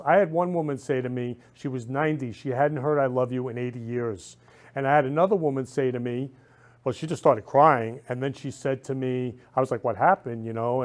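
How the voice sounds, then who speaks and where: Male host, effusive and rambling, a touch high-pitched, casual heartfelt chat. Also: a little mellow. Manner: effusive, repeats "love" and "I love you" constantly; rambling with frequent restarts. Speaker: talk show host.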